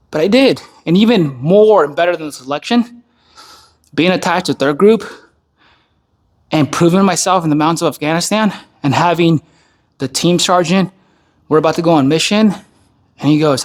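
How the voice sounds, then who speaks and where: A worn-out army veteran talks straight at the listener, his voice pitched a little above the usual for a man. He is blunt and swears constantly, sounding tired from a recent illness as he rambles through a casual monologue. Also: lively intonation, normal speed, pauses often. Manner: blunt, heavily profane. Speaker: army veteran turned speaker.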